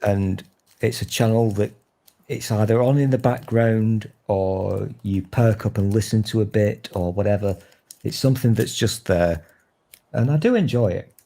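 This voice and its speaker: Speaking with a Northern English accent, this man in his thirties from Northern England keeps the chat casual, cursing freely and poking fun at himself and others. He has a dark-toned voice on the low side and a moderate pace.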